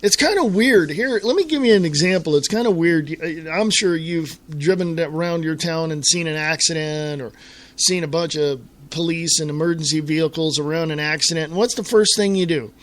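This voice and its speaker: A middle-aged American man hosts his own internet radio talk show alone, in a fairly high voice. He rants in an exasperated way and keeps repeating and restarting his words as he gets worked up. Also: normal speed, a bit bright. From United States. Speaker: host.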